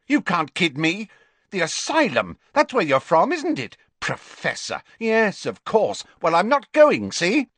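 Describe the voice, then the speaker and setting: A man putting on a sharp-tongued, suspicious orphan boy of eleven, pitched up high and bursting loud, then dropping to a breathy whisper. The voice sits in a dry, close storybook reading with wide swings of tone. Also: wildly swooping pitch, a little slow, no room sound, heavily acted. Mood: defiant. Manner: shouting then hushed whispers.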